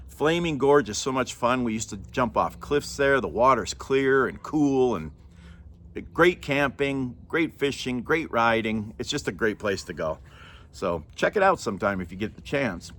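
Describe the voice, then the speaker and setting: A man's voice: medium pitch, a bit bright. A middle-aged man telling a personal story to camera in a rambling, chatty way, often breaking into laughter and apologizing.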